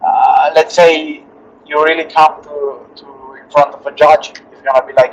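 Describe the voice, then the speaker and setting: A male fighter answering interview questions earnestly in halting, restarting English. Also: on the high side, level tone. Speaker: UFC fighter being interviewed. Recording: slightly dull lo-fi audio.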